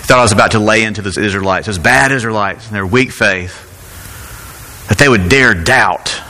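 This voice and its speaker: A man's voice: on the low side, normal speed, pushed and bright, long reverb tail. A man preaching a sermon as pastor, talking in a conversational way and asking rhetorical questions.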